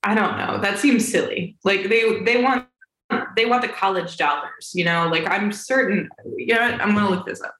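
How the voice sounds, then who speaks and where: A woman's voice: medium pitch, normal speed, fairly bright tone. A woman in her twenties co-hosting a podcast over a video call, chatting casually in a dry, teasing way. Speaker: podcast co-host. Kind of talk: casual chat. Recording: roomy echo on video call.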